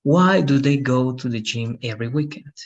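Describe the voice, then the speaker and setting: A man's voice: mid-range voice, moderate pace, muffled recording. A man teaching an English lesson on a video call, patient and often checking in with "right?".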